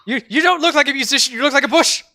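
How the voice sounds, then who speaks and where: A man voicing a panicky young male ranger who yells at intruders. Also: very high voice, very fast, voice pushed up, exaggerated voice. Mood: alarmed. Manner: yelling, frantic.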